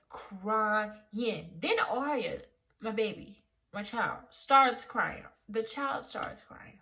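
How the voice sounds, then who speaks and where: A woman's voice: medium pitch, slow, creaky. A young woman, telling a personal story to camera in a vlog and acting out what people said. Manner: animated, acts out quotes. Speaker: vlogger.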